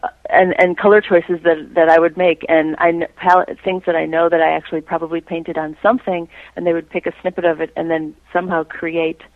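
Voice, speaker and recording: A woman's voice: on the low side, flat delivery, a little fast, dry recording, narrow, tinny audio. A woman being interviewed about her own artwork, chatting casually and breaking into playful impressions. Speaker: creator and artist being interviewed.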